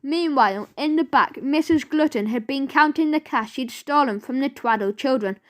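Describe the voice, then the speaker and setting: A woman narrating a children's audiobook in a lively way, acting out the sound effects. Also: high-pitched, moderate pace. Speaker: audiobook reader.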